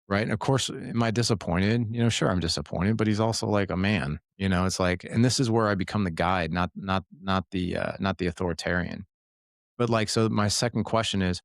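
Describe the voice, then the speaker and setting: A man's voice: low-pitched, a little fast, gravelly, dry recording, studio quality. A middle-aged man as a podcast guest, coaching fathers in an earnest, casual way, often repeating words and saying man and dude.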